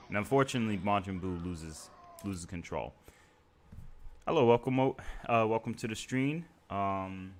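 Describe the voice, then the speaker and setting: A man's voice: lowish voice, slight background noise. A man hosting a live stream, talking through scenes one by one in a casual, conversational way with fillers. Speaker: stream host.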